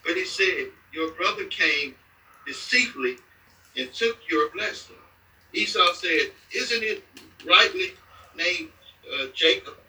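A man reading scripture aloud at an even pace, sometimes stumbling and restarting a phrase. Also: high voice, slow pace, reverberant, recorded from a distance, low-quality recording. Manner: plain reading with restarts and slips. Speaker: scripture reader.

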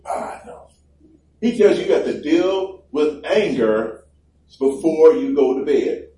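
Joking preacher in a roomy hall. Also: male voice, on the high side, animated, takes it slowly, mellow. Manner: conversational and joking, acts out little voices. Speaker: pastor. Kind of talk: sermon. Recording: roomy, distant mic with faint background noise.

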